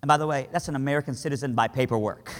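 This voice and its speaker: A man from Iran telling a dramatic story to a crowd, swinging between hushed lines and impassioned cries. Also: medium pitch, rapid-fire. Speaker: speaker. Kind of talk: storytelling sermon. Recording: hall reverb.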